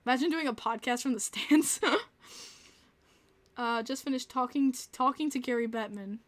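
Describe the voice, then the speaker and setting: A woman's voice: a little high, normal speed. A woman with a Long Island New York accent, hosting a casual livestream podcast and chatting with viewers, laughing often. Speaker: podcast host reading live chat.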